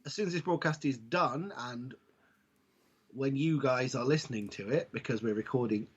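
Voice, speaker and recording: A man's voice: medium pitch, normal speed, slight background noise. A man co-hosting a casual wrestling podcast, talking in a dry, wry way with rambling asides. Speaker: podcast co-host. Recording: dull lo-fi podcast audio.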